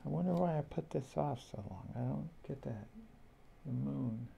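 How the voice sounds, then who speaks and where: A man slowly flipping through a tarot deck, musing aloud to himself in a casual, rambling way. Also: mid-range voice, vocal fry, dark tone, highs cut off, slight background noise. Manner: slow, musing, talks to himself. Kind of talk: casual flip-through commentary.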